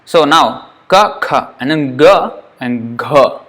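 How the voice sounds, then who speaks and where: A man's voice: medium pitch, slow, a bit bright. A man teaching Sanskrit pronunciation in a recorded lesson, demonstrating each syllable aloud and repeating it patiently.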